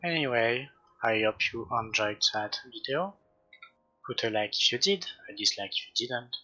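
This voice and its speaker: A man's voice: mid-range voice, muffled recording. Man talking casually over gameplay. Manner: relaxed, halting, with fillers. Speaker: gaming channel host.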